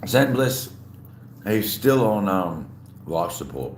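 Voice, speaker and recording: A man's voice: on the low side, big pitch swings, slow pace. A man with an Australian accent hosting a casual livestream, chatting loosely with viewers and answering their messages while he eats. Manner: laid-back, rambling, answers chat messages aloud. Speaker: livestream host. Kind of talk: casual live chat, greeting viewers while eating. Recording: roomy echo with faint background hum.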